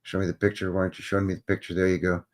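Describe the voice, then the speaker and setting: A man's voice: sits low, completely flat delivery, rapid-fire. A man hosting a live stream, talking casually over old photos with joking, rambling, wry asides. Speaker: livestream host.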